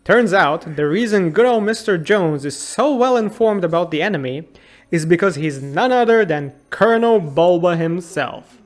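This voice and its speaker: A man in his thirties with a notably high voice, narrating a funny look back at a game he loved as a kid. He sounds sarcastic and exasperated, often mocking the plot in disbelief. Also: expressive, normal speed, faint music behind. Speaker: YouTube game reviewer. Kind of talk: comedic game retrospective narration.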